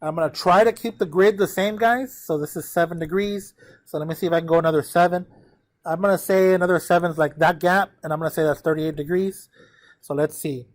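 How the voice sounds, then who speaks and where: A man teaching a math class, his voice sitting a little higher than most men's. He works through the problem out loud, counting numbers and checking in with the students as he goes. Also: steady tone, fairly quick. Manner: talks to students directly, counts out loud, thinks aloud. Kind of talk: lesson working through a problem aloud.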